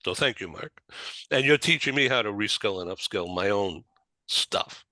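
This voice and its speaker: Boston-accented male talk host, bright voice, dry close sound, rambling and chatty. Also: fairly low pitch, lively intonation, moderate pace, no room sound. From Boston area, USA. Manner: rambling, chatty, many restarts. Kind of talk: casual chat.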